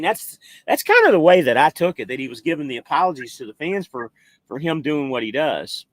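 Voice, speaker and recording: A man's voice: on the high side, a bit bright, dry recording. An American man hosting a trucking live stream, chatting casually and rambling while he reads viewer comments. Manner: loose, rambling, swears casually. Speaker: trucking livestream host.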